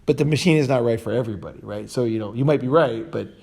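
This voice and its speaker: Male podcast host, blunt rambling delivery, warm dark timbre. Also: medium pitch, fast talker, creaky, husky. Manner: blunt, rambling, with restarts and swearing. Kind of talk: casual podcast chat.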